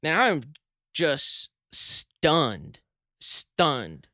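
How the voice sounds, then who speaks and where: A young man casually telling a long story on a chat show, getting more animated and loud as he recalls being shocked. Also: very slow, no room sound, clean studio sound. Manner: animated, rises high and loud when shocked. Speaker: podcast co-host.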